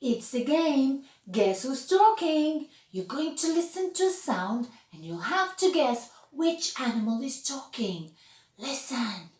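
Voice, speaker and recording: A woman English teacher leads young children through a lesson. She speaks very slowly, in an encouraging, exaggerated way, with a high and lively voice. Her voice echoes around the room. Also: distant mic, background noise.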